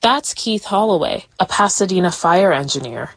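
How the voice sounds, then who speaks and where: A woman reporter reading a scripted news narration in a measured, clear delivery. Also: lowish voice, expressive.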